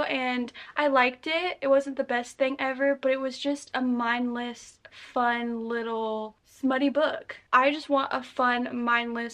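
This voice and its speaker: A young woman with a bright, high voice chats casually to her camera about her reading. She rambles a little and pokes fun at herself. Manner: chatty, self-deprecating, rambling. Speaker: book vlogger. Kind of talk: casual vlog talk. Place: bedroom, in bed.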